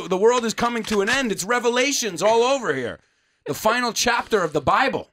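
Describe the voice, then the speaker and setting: Animated male radio host. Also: a little fast, a little hiss or hum. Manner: animated storytelling, acting out quotes with big pitch jumps. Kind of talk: casual bilingual chat, switching between English and Spanish. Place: radio studio.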